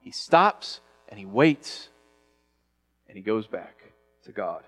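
A man preaching a sermon as pastor, conversational and animated, acting out quick quoted voices. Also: lowish voice, soft background music.

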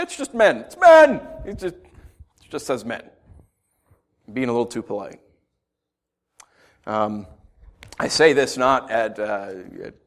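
A man preaching a sermon as pastor. He talks in a conversational, joking way and swings from quiet asides to loud emphasis. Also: medium pitch.

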